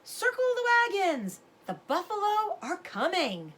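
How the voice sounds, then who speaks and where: A woman's voice: sits high, wildly swooping pitch, fairly quick, fairly bright tone, pitched above the performer's own voice, heavily acted. A woman voicing a pioneer father who gives urgent commands in a raised voice.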